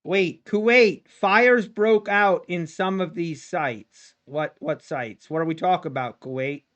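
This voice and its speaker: A man livestreaming his futures trading, anxiously talking to his chat and pleading with the market, going from low muttering to sudden yells. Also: measured pace. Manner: talks to chat directly. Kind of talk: live trading stream commentary.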